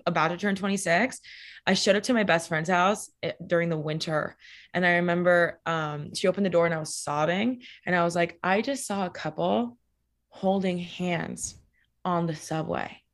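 A woman's voice: on the low side, moderate pace, fairly bright tone. A young adult woman telling personal stories in casual talk, candid and full of "like" fillers and swearing, acting out quoted lines.

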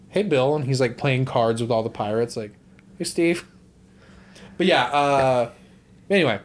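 Rambling young man on a podcast. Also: medium pitch. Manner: rambling, swears, laughs often. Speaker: podcast co-host. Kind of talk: casual movie discussion podcast.

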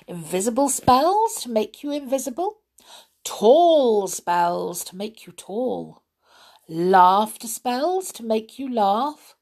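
A woman voicing a kindly female witch in a children's storybook reading, explaining things in a calm, reassuring way. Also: a little high, takes it slowly, full character voice. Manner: gently reassuring, explaining patiently.

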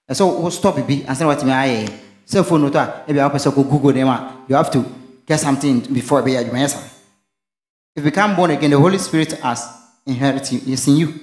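A man's voice: on the high side, a little fast, long pauses, darkish tone, reverberant, faint music behind. A man, preaching a sermon and asking questions for the congregation to finish, mixing in local phrases. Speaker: pastor. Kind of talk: call-and-response sermon.

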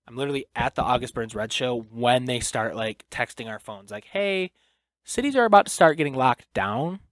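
A man's voice: mid-range voice, expressive, moderate pace, no echo. Young dude rambling on his podcast, dry close mic, swears a lot. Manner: casual, swears freely, lots of fillers and restarts. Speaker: podcast host. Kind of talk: casual solo podcast monologue.

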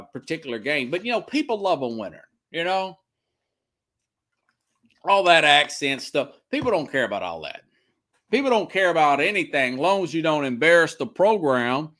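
Opinionated man, slightly high voice. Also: a bit bright. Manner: rambling and opinionated. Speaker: sports talk host. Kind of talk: sports talk monologue.

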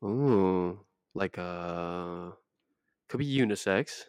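A man's voice: low-pitched, very slow, a little mellow, clean tone, no echo, clean studio sound. A man co-hosting a casual podcast quiz, laughing often, swearing, and playfully unsure of his answers. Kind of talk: casual chat.

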